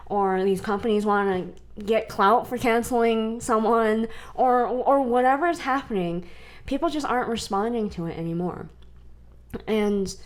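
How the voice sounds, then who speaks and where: A young adult woman from the US West Coast, co-hosting a podcast in casual chat, animated and laughing between points. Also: medium pitch. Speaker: podcast co-host.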